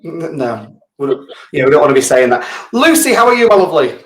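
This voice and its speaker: A man's voice: a little high, very animated, fast, a bit bright, reverberant. A man hosting a live business show, chatting casually and rambling into self-mocking asides. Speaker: show host.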